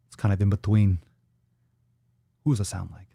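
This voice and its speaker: A man hosting a casual livestream podcast, rambling and profane as he thinks out loud. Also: low voice, level tone, fairly quick, creaky, no echo. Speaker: podcast host.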